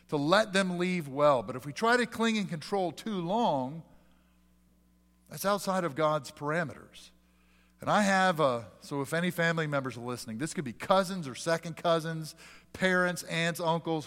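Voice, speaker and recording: Earnest pastor in a reverberant church. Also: male voice, on the high side, a bit bright. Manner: earnest, with many rhetorical questions. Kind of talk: sermon. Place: church sanctuary. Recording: long hall reverb.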